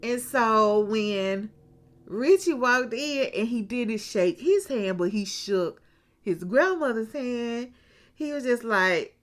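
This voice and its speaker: A woman's voice: a little high, lively intonation, slow pace. Chatty woman recapping reality TV. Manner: chatty storyteller with frequent asides to viewers; acts out what people said. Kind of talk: casual recap commentary.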